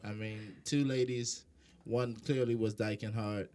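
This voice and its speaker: A man's voice: lowish voice, fairly even intonation, measured pace, warm tone. A young man from Charleston with a South Carolina accent, a podcast guest in laid-back, slangy casual chat. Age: young adult.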